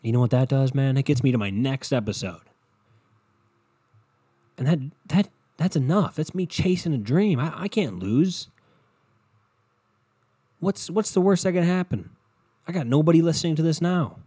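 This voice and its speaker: Young man, podcast host, solo monologue, rambling, profane, dark mellow voice, dry close recording. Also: fairly high pitch, lively intonation, moderate pace, long pauses, husky, no echo. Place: bedroom at home.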